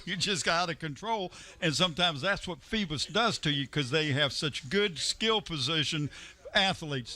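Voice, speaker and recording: A man commentating a local high school football game in a chatty, folksy way, joking with his partner. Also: sharp tone. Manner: chatty, folksy, laughs easily. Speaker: sports commentator. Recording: local cable broadcast.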